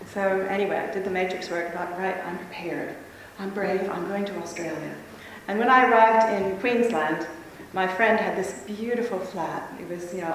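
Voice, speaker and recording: A woman speaker tells a lively, laughing story to a conference audience. Her voice rings through a big echoey hall, picked up from a distance. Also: medium pitch, a little hiss or hum. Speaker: convention speaker. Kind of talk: talk to a live audience.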